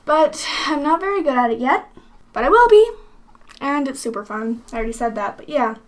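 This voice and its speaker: A woman's voice: high voice, big pitch swings, a little fast, faint music behind. A woman voice actor talking about her role in a casual, rambling interview monologue, full of fillers. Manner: rambling, chatty, lots of fillers.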